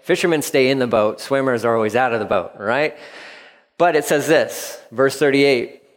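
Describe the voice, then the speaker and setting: A man's voice: medium pitch, normal speed, in a large hall. A male pastor preaching a sermon, telling the story vividly and repeating key lines for emphasis.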